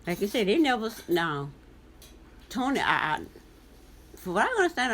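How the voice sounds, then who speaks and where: A woman from the United States reads a news article aloud on her vlog and breaks in with her own commentary. Her voice sits a little high and swings widely in pitch. She questions the text pointedly as she goes. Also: fairly quick, long pauses, slight background noise. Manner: animated, talks back to the text with pointed questions. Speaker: commentary vlogger.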